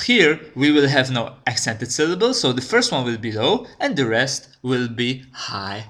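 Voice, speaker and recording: A man giving a recorded lecture, explaining step by step in a slow, deliberate way and checking in with "okay?". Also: mid-range voice, sharp tone. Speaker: language teacher.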